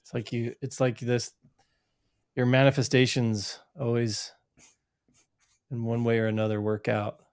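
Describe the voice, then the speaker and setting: A male podcast host who asks rambling questions in a relaxed way and answers with brief reactions. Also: mid-range voice, unhurried, pauses often, clear, resonant tone. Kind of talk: casual interview.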